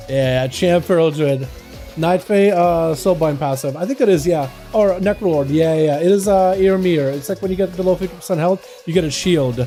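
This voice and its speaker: A man streaming live, chatting with his viewers and commentating game duels in an energetic, hyped way. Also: on the high side, moderate pace, soft background music.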